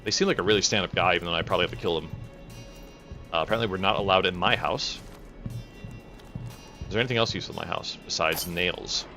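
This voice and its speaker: A man's voice: low-pitched, fast, creaky, pauses often, sharp tone, faint music behind. A man streaming a game live, rambling and swearing as he reacts and chats with viewers. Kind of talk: casual live gameplay commentary.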